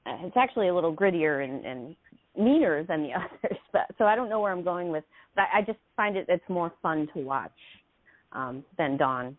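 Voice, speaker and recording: A woman's voice: lowish voice, lively intonation, a little fast. A woman co-hosting a casual podcast, speaking hesitantly with fillers and light laughs. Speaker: podcast co-host. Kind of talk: casual chat. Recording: dry tinny phone-like line.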